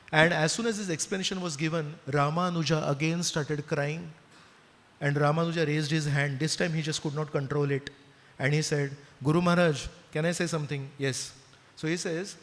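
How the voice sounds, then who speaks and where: A high-pitched man with an Indian accent tells a devotional story to his listeners and often asks them questions. His voice carries a long reverb, as in a large hall. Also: steady tone, moderate pace, fairly bright tone. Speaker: spiritual speaker.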